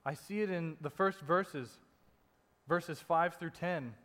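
A man preaching a sermon in a conversational way, dropping soft and low to stress a point. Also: slow. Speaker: pastor. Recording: long reverb in a hall.

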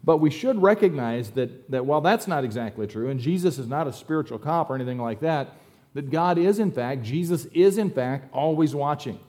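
A man preaching a sermon as pastor in a church, telling jokes and making relaxed, self-deprecating asides. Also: fairly high pitch, a little fast. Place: church sanctuary.

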